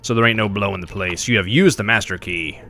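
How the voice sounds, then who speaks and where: A man streaming a game live, giving animated, mocking commentary with laughs. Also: on the low side, brisk.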